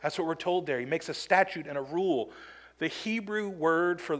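A man's voice: a little high, normal speed. A man preaching a sermon as pastor, earnest and emphatic, acting out quoted complaints now and then.

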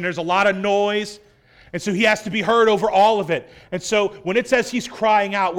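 A male pastor preaching a sermon, reading scripture dramatically, swelling loud and then dropping soft. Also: high voice.

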